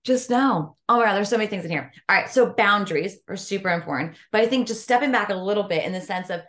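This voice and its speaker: A woman hosts a casual podcast conversation with an energetic, affirming manner. She bounces off her guest's points and checks in with a quick "right?". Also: medium pitch. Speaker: podcast host and coach.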